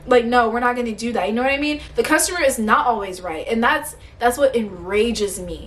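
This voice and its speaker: A young woman vlogger telling a workplace story in a blunt, animated rant, swearing often and sounding tired and hungry. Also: fairly high pitch, brisk, few pauses.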